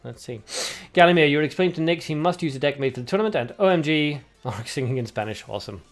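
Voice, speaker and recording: Commentating a card game tournament live, this streamer jokes around with his viewers and answers chat between plays. His voice is fairly high and expressive, and he moves at a quick pace. Faint music plays behind him.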